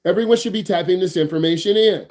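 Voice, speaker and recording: Talking fast in a high-pitched voice with a darkish tone, a driving instructor teaches online, all hype and slang, cracking jokes with his students and repeating his questions.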